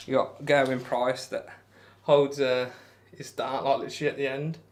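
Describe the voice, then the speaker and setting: A young adult man streams himself throwing darts, chatting casually and rambling as he pokes fun at himself and reads out and answers viewers' chat. His voice is medium-pitched and flat, at a moderate pace.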